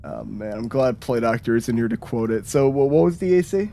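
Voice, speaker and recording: A man's voice: medium pitch, expressive, a little fast, dark tone. Casual man narrating as game master. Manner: casual, hesitant, filler-heavy narration.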